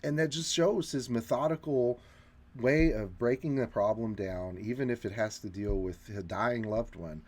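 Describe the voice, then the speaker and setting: A man's voice: mid-range voice, normal speed, a little mellow. A man co-hosting a casual film discussion, analyzing characters' motives in an explanatory way with occasional fillers. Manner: analytical, breaks down motives and points out scripting.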